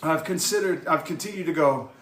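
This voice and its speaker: Out-of-breath man, high voice, bright tone, worked up, echoey room at home. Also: brisk. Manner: worked up, yelling at times. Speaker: fitness vlogger live streaming his workout. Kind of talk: live stream talk to chat while cycling. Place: indoors at home on exercise bike.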